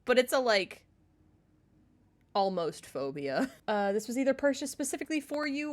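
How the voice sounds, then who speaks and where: Giggly woman streamer, reads game narration then riffs on it, lively pitch. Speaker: let's-play streamer. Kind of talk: casual game playthrough, reading game text aloud.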